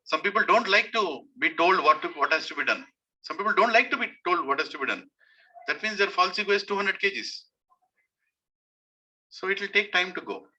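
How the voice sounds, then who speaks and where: Indian man preaching, high sharp voice, hammers points home by repeating them. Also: expressive, brisk, pauses often, slightly rough, dull audio. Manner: emphatic, repeats key phrases. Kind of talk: devotional sermon to a congregation.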